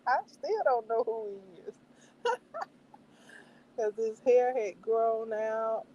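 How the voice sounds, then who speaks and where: A woman hosting a livestream in casual chat, animated and laughing often, acting out her own reactions between wandering, filler-filled stretches. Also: a little high, slow, muffled recording. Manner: meandering with many fillers. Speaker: livestream host reviewing a show.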